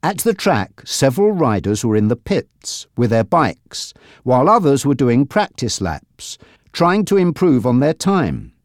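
Measured storybook narrator, very lively pitch. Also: no echo, clean studio sound. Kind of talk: graded-reader audiobook narration.

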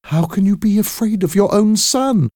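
A man reading a storybook aloud, voicing a frantic, grieving elderly mother who pleads and insists in a shrill voice. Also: a little slow, warm tone, no room sound, clean studio sound, natural voice.

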